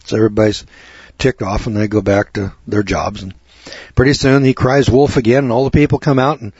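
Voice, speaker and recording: A man's voice: lowish voice, little pitch movement, brisk, darkish tone, husky, dry recording. A man hosting a radio talk show, delivering a rambling, preachy monologue that builds to emphatic lecturing. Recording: dull lo-fi dry radio audio.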